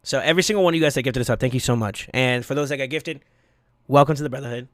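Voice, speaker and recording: A man streaming live, casually chatting and thanking viewers, excitable with sudden yells, his voice going hoarse from yelling. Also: medium pitch, racing, dry recording, clean studio sound.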